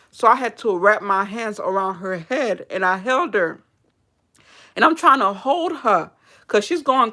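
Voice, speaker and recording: A woman's voice: medium pitch, pushed and bright. A woman hairdresser telling a personal story in a casual, candid way to a live audience, laughing and swearing as she goes.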